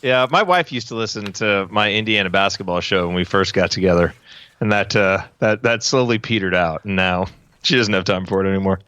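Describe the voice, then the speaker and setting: A man with a low but bright, forceful voice, chatting as a podcast guest host. He chimes in with frequent agreement and easy chuckles. The sound is dry and close. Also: fairly quick, clear, resonant tone, no echo. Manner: agreeable, backchannels often, chuckles. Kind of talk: casual chat.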